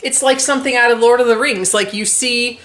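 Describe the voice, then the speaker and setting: A woman co-hosting a casual chat, telling stories in an excitable, animated way with many fillers. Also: fairly high pitch, brisk, roomy sound. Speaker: co-host.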